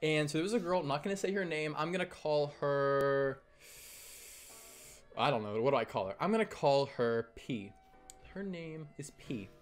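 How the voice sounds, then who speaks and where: A man's voice: fairly high pitch, lively intonation, normal speed, soft background music. A young man casually telling a rambling camp story, often correcting himself and acting out quotes. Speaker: storytelling vlogger.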